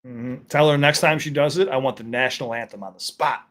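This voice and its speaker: A man's voice: mid-range voice, fairly quick, a bit bright. A man in casual chat as a co-host, talking candidly, swearing freely and telling stories with animation. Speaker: content creator and co-host.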